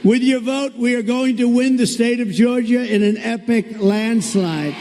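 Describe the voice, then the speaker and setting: A man delivers a campaign rally speech, repeating himself and mocking his rivals. His voice is high for a man yet dark in tone. It rings out with a long reverb across a large hall, over faint ambient noise. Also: measured pace. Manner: repetitive, boastful, mocking. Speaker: political candidate at a rally. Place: large indoor venue with a crowd.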